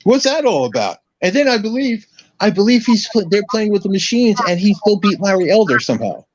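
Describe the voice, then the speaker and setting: A man's voice: sits high, big pitch swings, brisk, no echo. A man ranting combatively in a casual political chat as a podcast guest, restarting his phrases often. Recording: dull lo-fi audio, dry.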